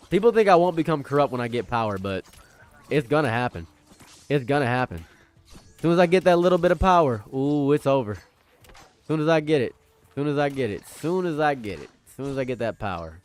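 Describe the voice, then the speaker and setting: A man talking casually as a vlogger, rambling playfully and repeating his jokes with mock villainy. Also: mid-range voice. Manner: playful, repetitive, jokingly villainous.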